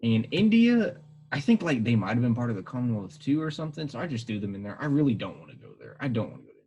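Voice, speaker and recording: A husky-voiced young man chats loosely as a podcast co-host. His pitch swings up and down in a lively way. He rambles and hedges, often correcting himself mid-thought. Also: fast talker, highs cut off. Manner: rambling, hedging, self-correcting. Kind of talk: casual chat.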